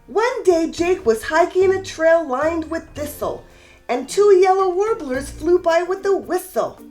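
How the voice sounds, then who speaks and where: A woman hosting a children's reading show and reading a rhyming story aloud with warm, expressive delivery. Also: extremely high pitch, measured pace, faint music behind. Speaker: children's story reader, host. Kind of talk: read-aloud storytelling for kids.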